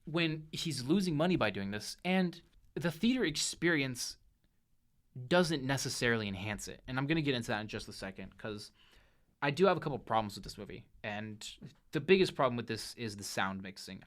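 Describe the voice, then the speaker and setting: A young man hosting a casual movie review show, talking in an animated way with frequent restarts and self-corrections. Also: medium pitch, brisk.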